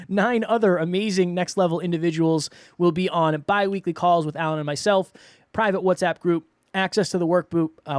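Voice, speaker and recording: A man co-hosting a podcast in casual chat, relaxed and chatty with a self-deprecating tone. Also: high voice, no room sound, clean studio sound. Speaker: podcast co-host.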